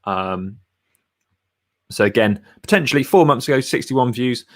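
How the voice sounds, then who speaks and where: A man's voice: medium pitch, lively intonation, measured pace. A man giving a casual screen-share tutorial on video thumbnails, chatty and blunt as he clicks through pages. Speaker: YouTuber reviewing thumbnails.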